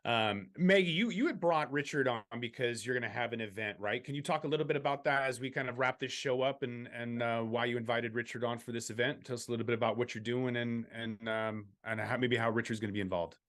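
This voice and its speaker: A man's voice: mid-range voice, quick pace, hardly any pauses, fairly bright tone. A male talk show host with a mid-range voice speaks casually and with opinion. He often repeats words while working out his point.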